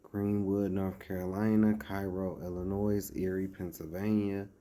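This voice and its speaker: A man's voice: low-pitched, little pitch movement, unhurried, mellow. A man giving casual commentary as he reads out a list, breaking off into sarcastic asides and chuckles.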